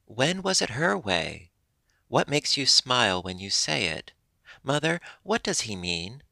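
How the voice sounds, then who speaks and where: A man's voice: mid-range voice, sing-song, measured pace, vocal fry, sharp tone, no room sound, voice pushed up, heavily acted. Curious squirrel youngsters in a dry, close read; male narrator voicing them. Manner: eager questioning. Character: young red squirrel children, curious, excited.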